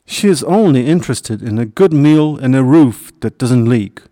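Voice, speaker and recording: A small, earnest hedgehog frets in a raised, plaintive voice, put on by a man reading a storybook. His lines swing up and down with feeling and quickly turn indignant. The sound is dry and close. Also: medium pitch, very animated, a little mellow, dry recording.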